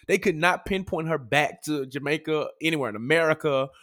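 A man co-hosting a podcast, talking in animated casual chat and laughing often as he tells stories. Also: fairly high pitch, fairly quick. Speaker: podcast co-host.

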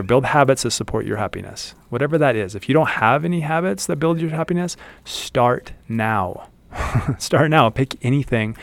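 A man's voice: fairly low pitch, vocal fry. A man hosting a podcast, giving casual motivational advice in an earnest way and repeating phrases for emphasis. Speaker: podcast host. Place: outdoors in the desert.

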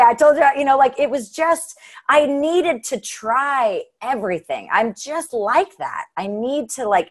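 A woman's voice: on the high side, breathy edge. Earnest chatty woman from Southern Utah. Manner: chatty and earnest, many fillers and "right?" tags; emotional, heartfelt storytelling. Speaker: guest. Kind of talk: casual personal testimony.

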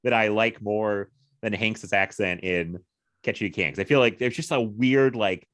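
A man's voice: lowish voice, normal speed, fairly bright tone. A man in casual chat about films, rambling with frequent laughs and the odd swear word.

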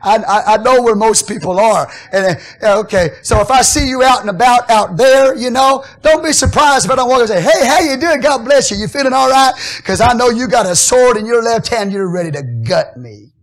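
A man preaching a sermon as pastor, swinging from hushed, conversational asides to loud, shouted declarations. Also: sits high, expressive, moderate pace, few pauses.

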